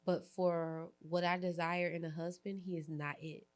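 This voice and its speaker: A young adult woman hosting a candid podcast conversation, telling animated stories, acting out quoted lines and laughing often. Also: on the low side, moderate pace. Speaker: podcast host.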